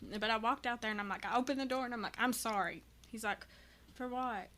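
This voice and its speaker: Bright earnest mother talking openly. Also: on the high side, fast. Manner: earnest, rambling, many restarts. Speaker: guest. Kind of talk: candid personal conversation.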